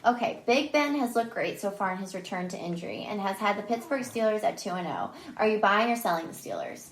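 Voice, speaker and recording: A woman co-hosting a sports podcast, briskly reading out prompts and questions. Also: mid-range voice, sing-song, reverberant, low-quality recording. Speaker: co-host asking questions.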